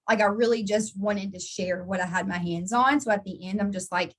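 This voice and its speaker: Talking a little fast with hardly any pauses, a woman with a mid-range voice runs an informal live training for her network marketing team. She's encouraging and chatty, greeting and answering viewers by name while frequently restarting and repeating herself.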